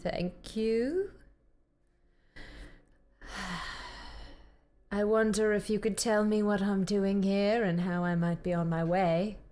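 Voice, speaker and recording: A woman playing a tabletop game, answering in character with dry, deadpan replies. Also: mid-range voice, slow, pauses often. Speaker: player.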